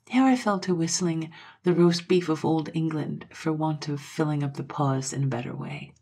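A woman with a low, husky voice reads an old Victorian ghost story aloud. Her telling is measured and steady, lifting gently to stress a phrase now and then. The voice stays breathy and deep throughout. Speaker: audiobook narrator.

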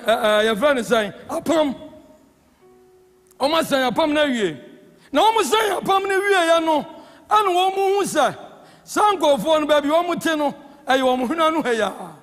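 A man with a Ghanaian accent preaching a sermon as presiding elder, swinging between impassioned shouts and hushed tones. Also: extremely high pitch. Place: church hall. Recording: church hall with long reverb.

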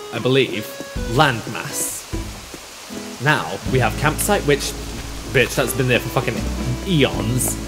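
A man hosting a let's play, commenting in a sweary, animated way. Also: mid-range voice. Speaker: gaming channel host. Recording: roomy reverb with game music behind.

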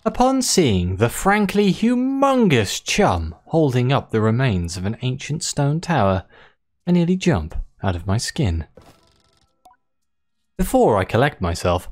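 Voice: mid-range voice, big pitch swings, a little slow, a little mellow, faint music behind. A let's play host chatting casually while playing and reading the game's story text aloud. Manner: chatty, musing, reads narration aloud.

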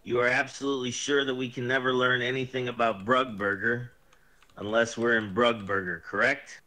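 A man's voice: mid-range voice, little pitch movement, normal speed, pushed and bright, low-quality recording. A text-to-speech male voice reading the lines of a tired, frustrated police officer who keeps asking the same thing. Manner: tired, complaining, repetitive questioning.

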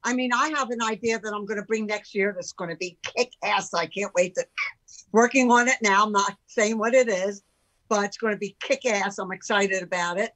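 On a rough recording, an older entrepreneur guesting on a podcast speaks in a mid-range voice at a moderate pace. Casual yet emphatic and animated, she performs the voices of the people she's quoting.

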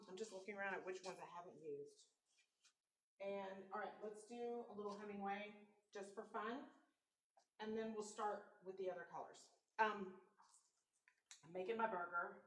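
A woman hosting a live painting stream, chatting casually and telling animated stories with casual swearing. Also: a little high, far from the mic. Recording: echoey room.

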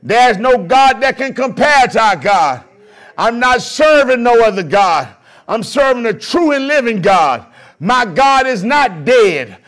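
A man preaching a sermon, his voice sitting high for a man. He works the congregation in call-and-response style and builds up to shouted lines. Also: big pitch swings, measured pace. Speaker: pastor.

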